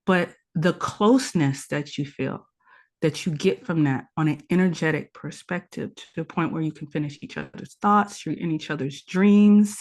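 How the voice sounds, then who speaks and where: Woman, low-pitched, earnest teacher, repeats key phrases, podcast guest. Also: normal speed, darkish tone. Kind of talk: conversational podcast interview.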